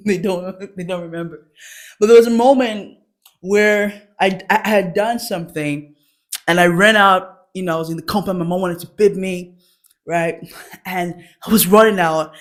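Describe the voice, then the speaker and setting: Giggly young woman telling stories. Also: medium pitch. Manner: laughs often mid-sentence, animated acted quotes. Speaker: stand-up comedian. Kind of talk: stand-up storytelling.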